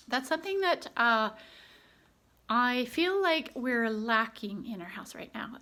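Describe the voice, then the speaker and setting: A woman's voice: on the high side, a bit bright. A woman in her thirties, a homeschooling mother, giving earnest, chatty parenting advice with frequent ums. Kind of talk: casual advice vlog.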